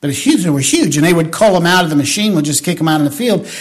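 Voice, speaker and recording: A man's voice: on the high side, expressive, racing. A man preaching a sermon as a pastor. He tells folksy stories, asks the congregation to agree with him, and builds to emphatic preaching.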